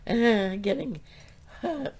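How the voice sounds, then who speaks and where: A woman's voice: on the high side, expressive, slow, darkish tone, husky. A middle-aged woman hosting a crochet podcast, talking emotionally and rambling as she thanks her viewers. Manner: emotional, gushing, rambling with restarts. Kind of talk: heartfelt thank-you talk to viewers.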